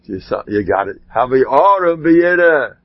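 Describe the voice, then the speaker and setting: A man giving an informal Torah talk, telling rambling stories with animated asides. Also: medium pitch, moderate pace, dry recording. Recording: dull lo-fi sound.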